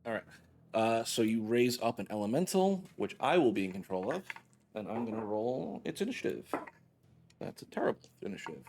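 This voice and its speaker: A man's voice: medium pitch, sing-song, fairly quick, darkish tone, slight background noise. A man running a tabletop game as dungeon master, making matter-of-fact rules calls with many "uh"s.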